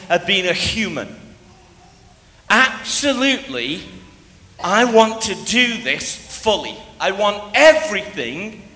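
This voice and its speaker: A man preaching a sermon, telling a story in a lively way and sometimes breaking into shouts as he acts it out. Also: high voice. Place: church hall. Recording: echoey hall, faint ambience.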